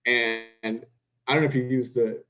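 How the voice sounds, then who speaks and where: A young adult man from Houston, Texas, is a podcast guest telling stories in a casual, rambling way, with lots of restarts and acted-out dialogue. His mid-range voice is flat, at normal speed and a bit bright, in a low-quality recording.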